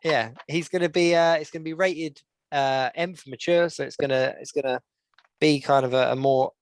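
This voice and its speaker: A man runs through the week's news in relaxed podcast chat, pausing often on "um". His voice sits a bit high. The sound is dry and close. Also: dry recording. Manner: chatty, with many "um"s and recaps. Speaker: podcast co-host. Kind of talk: casual chat.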